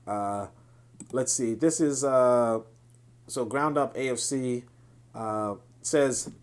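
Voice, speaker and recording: A man's voice: medium pitch, slow. A man hosting a political livestream, reading viewer chat and commenting in a passionate, digressive way with frequent restarts.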